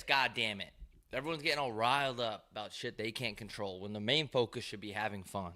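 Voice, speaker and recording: A man's voice: on the low side, brisk, pushed and bright. A man hosting his own show, telling rambling, profane, wry stories in a loose monologue. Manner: profane, wry, ranting storyteller. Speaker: show host.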